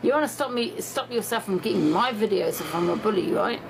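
A woman's voice: mid-range voice, animated, a little fast, noisy background. A woman ranting in a social media clip, insistent and repetitive. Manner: insistent, repeats herself. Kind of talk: TikTok video rant.

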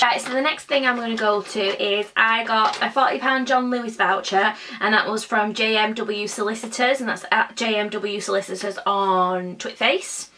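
A woman's voice: medium pitch, bright, forceful tone, far from the mic. Bubbly young woman vlogging. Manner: bubbly and chatty, with drawn-out exclamations. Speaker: beauty vlogger. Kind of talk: casual unboxing chat.

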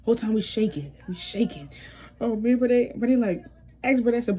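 A young woman tells a storytime in a casual, animated way, jumping into voices for quotes and laughing along. Her tone is mellow and a little husky. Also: a little high, normal speed.

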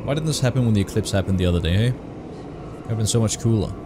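A young man giving casual, excitable gameplay commentary as a streamer, swearing often. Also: fairly low pitch, quick pace, noisy background. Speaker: gaming streamer.

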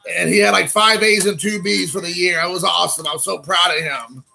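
A man in his thirties hosting a casual stream while opening trading card packs, excitable and rambling, calling people dude. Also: high voice, brisk, gravelly, faint music behind, rough recording. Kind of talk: casual live-stream chat.

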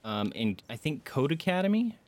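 A man streaming a video game live, rambling through his play and breaking into startled yelps and shouts when enemies surprise him. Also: fairly high pitch, sing-song, normal speed. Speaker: gaming streamer. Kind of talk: live gameplay commentary.

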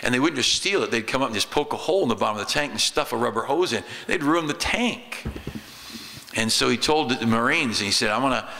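A middle-aged man, a pastor, preaching a sermon in a church, shifting between loud exclamations and quiet asides. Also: medium pitch, lively intonation, quick pace, gravelly, a little hiss or hum. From United States. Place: church sanctuary. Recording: church hall reverb.

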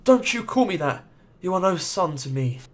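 A man's voice: sits high, big pitch swings, normal speed. A man reading the lines of a stern, regal woman who leads a cult, in a cold, scolding tone. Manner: cold, scolding, self-righteous.

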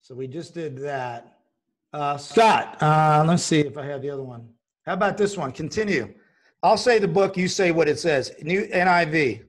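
A man's voice: fairly high pitch, normal speed. A man hosting a religious broadcast, talking in an earnest, emphatic way with frequent fillers and restarts. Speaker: host.

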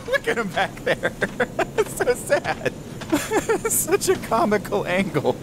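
A man's voice: extremely high pitch, wildly swooping pitch, slow, background noise. A man doing comedic commentary over a video game, wisecracking and laughing often. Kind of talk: comedic let's-play riffing.

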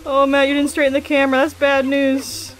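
A woman's voice: high voice, completely flat delivery, a little fast, loud music behind the voice. A woman co-hosting a let's play in casual chat, teasing and playful, giggling often.

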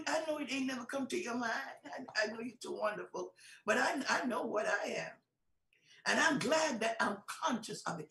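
A middle-aged woman bishop preaches with fervour, her fairly high voice carrying a gravelly edge. She moves from talky asides into shouted exhortations. The sound is roomy and set back from the mic, as in a large hall. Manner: fervent, rising to shouts, conversational asides. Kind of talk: sermon. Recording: echoey hall, from far off.

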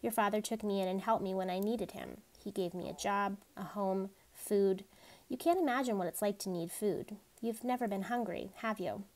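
A woman reading as a quiet, careful housemaid. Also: medium pitch, moderate pace, close to an everyday voice. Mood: quiet, earnest. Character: quiet reserved adult female housemaid.

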